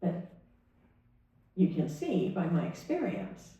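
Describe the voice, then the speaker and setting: A woman's voice: on the low side, wildly swooping pitch, takes it slowly, mellow. A woman minister giving a sermon, telling a personal story in a conversational way and acting out the dialogue. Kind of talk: sermon talk. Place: church sanctuary. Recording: echoey room from a distance.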